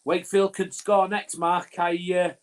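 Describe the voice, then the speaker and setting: Flat-toned man co-hosting a fan watch-along. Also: high-pitched, moderate pace. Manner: rambling, talks over his co-host, frequent fillers and restarts. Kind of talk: live match commentary chat.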